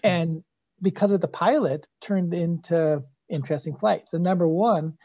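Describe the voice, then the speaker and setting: A host in a casual interview, telling travel stories in a calm, reflective way. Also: medium pitch, normal speed, no room sound. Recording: dull dry sound.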